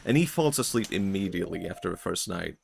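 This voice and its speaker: A young man talks on his stream in a somewhat low voice. He rambles reflectively, thinking aloud with frequent chuckles, and keeps the tone loose and casual. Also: lively intonation, fast, vocal fry, a little hiss or hum.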